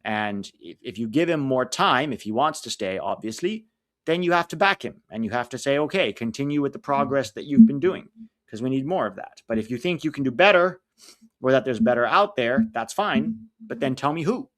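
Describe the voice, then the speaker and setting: An American man chats casually as he hosts a live stream, rattling off lineups and answering viewers' messages. His voice sits at an ordinary middle pitch and is picked up dry and close, with no room sound around it. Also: animated, moderate pace, a bit bright, no room sound. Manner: chatty, reads out lineups and chat messages. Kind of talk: casual live watch-along chat.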